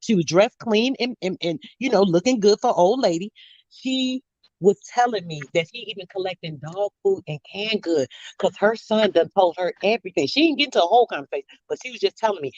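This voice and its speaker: A woman's voice: medium pitch, animated, fairly quick, a little mellow, no room sound. Middle-aged woman host, emphatic and fired up, dry muffled lo-fi sound. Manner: emphatic, heated storytelling. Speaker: radio talk show host. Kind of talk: casual chat. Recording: dry, dull lo-fi audio.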